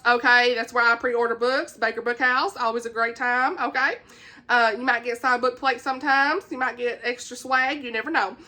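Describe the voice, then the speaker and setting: A woman's voice: on the high side, sharp tone. A woman with a Southern US accent chatting eagerly about upcoming books and reading their blurbs aloud, stumbling and laughing at her own slips. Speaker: book vlogger. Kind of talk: casual book chat, reading blurbs aloud.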